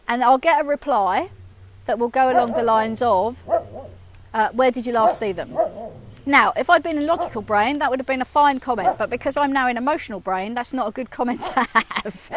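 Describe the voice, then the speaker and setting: A woman's voice: a little high, expressive, brisk. A woman in her fifties, a communication coach, talking casually to camera and acting out her own inner voice. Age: 50s.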